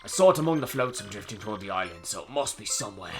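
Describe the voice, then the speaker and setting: A man voicing a weary, proud old male bomb sailor on his deathbed, low and mournful. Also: very animated, racing, soft background music. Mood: weary, dying.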